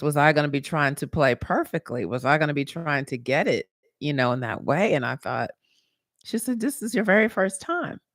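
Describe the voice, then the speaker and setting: A woman hosting her podcast, telling a personal story in a casual, motivational monologue and jumping into a high voice when she retells her own thoughts. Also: a bit bright, no echo, studio quality. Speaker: podcast host.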